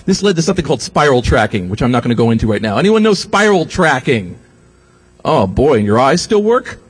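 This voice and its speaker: A man speaks to a live audience in a loose, joking lecture, his pitch swinging widely as he mocks and quotes others. His voice is slightly husky, and he swears freely without losing his train of thought. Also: sing-song, fairly quick. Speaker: speaker giving a talk. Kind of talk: profane comic lecture.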